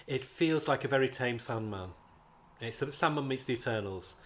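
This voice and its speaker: A man's voice: mid-range voice, normal speed. A man with a British accent chatting casually about comics in a review vlog, rambling with frequent ums and restarts.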